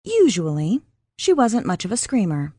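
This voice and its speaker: A woman narrating an audiobook in a measured, even reading. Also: medium pitch, husky, no room sound, studio quality. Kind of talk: scripted narration.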